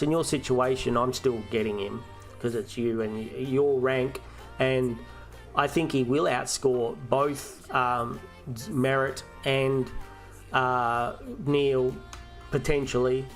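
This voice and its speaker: A man's voice: medium pitch, steady tone, slow pace, soft background music. An Australian man hosting a fantasy football live stream, chatting casually and ranting and swearing, with frequent restarts.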